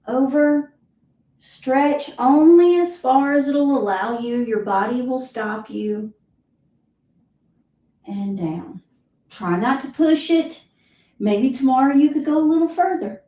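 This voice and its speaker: A woman with a Southern US accent leading a live exercise class, counting reps and giving steady cues, heard from a distance in an echoey room. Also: sits high, takes it slowly. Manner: counts reps aloud, encouraging cues, clears throat often. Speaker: fitness instructor. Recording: roomy echo, voice from far off.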